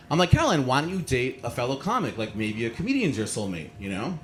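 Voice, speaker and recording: A man's voice: mid-range voice, big pitch swings, fast talker, hardly any pauses, slight background noise. A man hosting a stand-up comedy show, telling stories to a live audience with lots of chatty fillers and laughs at his own jokes. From American suburbs. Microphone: handheld microphone.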